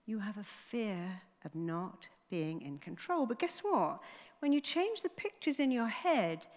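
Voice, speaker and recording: A woman giving a motivational talk on stage, an animated storyteller who acts out the voices in her stories. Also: mid-range voice, unhurried. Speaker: motivational speaker. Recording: long hall reverb.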